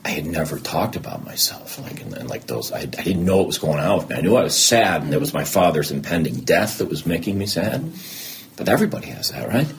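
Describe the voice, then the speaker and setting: A man's voice: sits low, quick pace, creaky, background noise. A middle-aged man, a podcast guest, talking candidly about his life and acting out remembered conversations. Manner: animated storyteller who acts out remembered dialogue. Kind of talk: candid personal interview.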